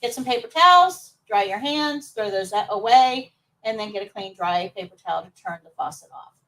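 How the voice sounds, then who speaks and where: A woman's voice: medium pitch, expressive, normal speed, a bit bright, distant mic, low-quality recording. A woman teaching nursing assistant students in a live class, upbeat and coaxing answers from them.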